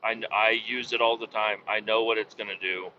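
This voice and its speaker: This podcast host, who also operates a vac truck, has a lowish voice and a level tone, talking a little fast. His story wanders, swears freely and sounds fed up, in keeping with the show's casual feel. Faint noise sits under a dull, lo-fi sound.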